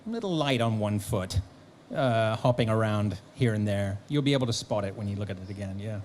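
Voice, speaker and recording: A man, a guest actor and author, telling lively anecdotes at a convention Q&A, acting out bits of dialogue. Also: on the low side, fairly quick, a little hiss or hum. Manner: animated storyteller, acting out quotes. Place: convention hall.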